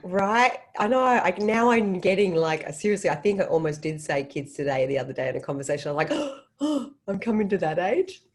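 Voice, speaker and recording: A woman with an Australian accent, chatting casually as a convention panel guest and rambling from story to story with animated asides. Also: lowish voice, brisk, hardly any pauses. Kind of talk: casual chat.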